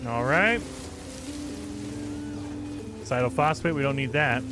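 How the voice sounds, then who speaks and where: A man's voice: mid-range voice, expressive, slow, music in the background. A man streaming a space survival game, chatting casually with his viewers and laughing often while he plays. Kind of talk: casual live game commentary.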